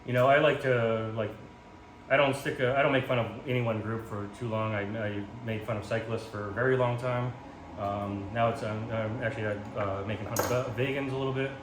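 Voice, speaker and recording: A man's voice: mid-range voice, fairly even intonation, fairly quick. A man chatting casually while cooking at home, rambling with lots of ums and self-mocking jokes, filmed on a phone. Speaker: home cook vlogger. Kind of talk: casual cooking vlog chat. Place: home kitchen. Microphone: phone camera in portrait mode. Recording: echoey room with background noise.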